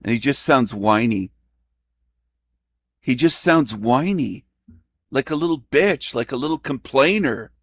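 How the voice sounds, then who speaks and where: A man's voice: mid-range voice, animated, unhurried, pauses often, no echo, clean studio sound. A man hosting a reaction commentary, scornful and insulting, hammering repeated jabs. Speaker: host.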